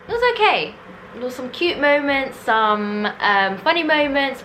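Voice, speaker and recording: A young woman, chatting casually and laughing easily as she reacts to and reviews a film. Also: on the high side. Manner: chatty, animated, quick to laugh. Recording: roomy echo.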